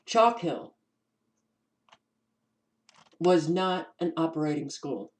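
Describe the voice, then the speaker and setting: A woman with a New York accent, hosting her own channel and giving casual commentary as she reads from documents, pausing with ums and restarting words. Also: low-pitched, expressive, poor audio. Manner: unhurried, stops to restart words, many ums. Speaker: channel host.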